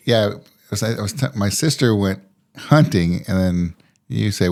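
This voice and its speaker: A man on a podcast tells a joke in a relaxed, loose way, tripping over it and laughing at himself. His voice is fairly low and gravelly, and his pitch rises and falls a lot. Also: measured pace. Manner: laughs at own jokes, stumbles and restarts. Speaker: podcast co-host. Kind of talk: casual joke telling.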